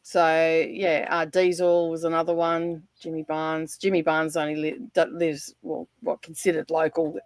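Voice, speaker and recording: A woman's voice: sits low, little pitch movement, a little slow, few pauses, dry recording. Rambling, chatty Australian woman. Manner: rambling, chatty, laughs often, many fillers. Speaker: livestream guest. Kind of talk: casual chat.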